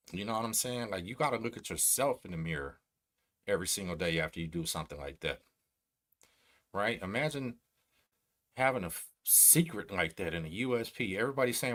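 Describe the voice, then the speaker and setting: A middle-aged man from Texas with a Texan accent, hosting a casual livestream and talking slowly, bluntly and streetwise. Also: medium pitch, fairly bright tone. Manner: slow, blunt, streetwise talk. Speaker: host.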